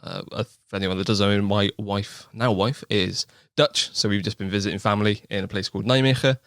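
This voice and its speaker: A man's voice: fairly low pitch, fairly even intonation, a bit bright, no room sound, studio quality. A young man with a West Country accent, a podcast guest chatting in a jokey, self-mocking way. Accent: West Country English. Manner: jokey and quick-talking, laughs at himself. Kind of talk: casual interview chat.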